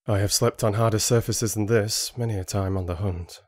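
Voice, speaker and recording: A man's voice: on the low side, steady tone, normal speed, a little mellow, dry recording, clean studio sound, lightly acted. A man voicing a reserved young male hunter who answers in a terse, guarded way in an audiobook.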